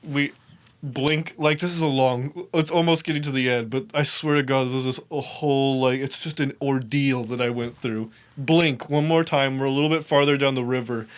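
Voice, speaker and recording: A young man telling a story in a casual, animated way, swearing often and laughing as he talks. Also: mid-range voice, moderate pace, clear, resonant tone. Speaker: podcast host.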